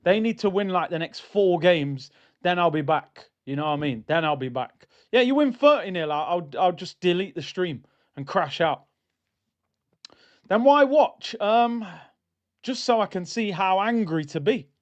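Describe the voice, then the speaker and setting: Brief: young streamer, high voice, exasperated banter, slightly dull lo-fi mic. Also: male voice, a little slow. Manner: animated, exasperated banter with chat. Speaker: football watchalong streamer. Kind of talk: casual live-stream chat.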